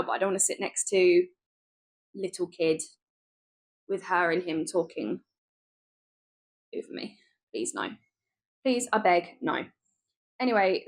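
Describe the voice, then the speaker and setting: Woman, young adult vlogger, lively storyteller, mid-range pitch. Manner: lively, animated retelling with laughs and asides. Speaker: travel vlogger. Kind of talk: chatty storytelling vlog.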